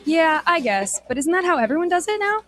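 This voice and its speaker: Woman playing the skeptic in an ad, high lively voice, asks a lot. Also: fairly quick. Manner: doubtful, questioning. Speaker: ad voice actor. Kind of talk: scripted radio ad dialogue.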